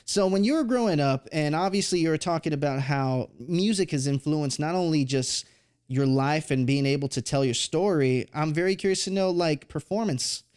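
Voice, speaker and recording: A man's voice: a little high, moderate pace, a little mellow, clean tone. A man hosting a podcast, asking long, rambling questions in a friendly, casual way. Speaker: podcast host. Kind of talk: casual interview.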